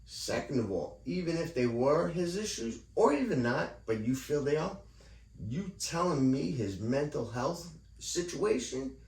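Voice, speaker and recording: A man's voice: a little high, very animated, measured pace, a little mellow. Man ranting in an echoey room. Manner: profane, heated, digressive. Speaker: vlogger. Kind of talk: rambling personal rant. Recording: echoey room, distant mic, faint ambience.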